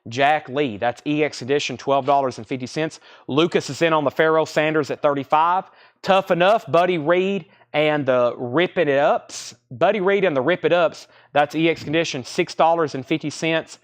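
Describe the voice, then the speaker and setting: A young man hosting a live record sale, rambling casually between quick price call-outs. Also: fairly high pitch. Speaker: record store host running a live sale. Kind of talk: casual livestream sales patter.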